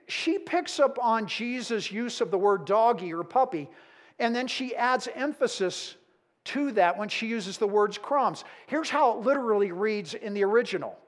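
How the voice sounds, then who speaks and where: A middle-aged male pastor preaching a sermon, dramatic and storytelling, moving between emphatic build-ups and hushed moments. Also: very high voice.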